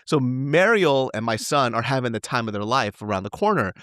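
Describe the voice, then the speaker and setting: A man chats on a podcast with a very lively, up-and-down voice. He breaks into squeaky impressions as he tells stories. The sound is dry and close. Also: brisk, no room sound. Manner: animated storytelling with high-pitched impressions. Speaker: podcast co-host. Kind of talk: casual chat.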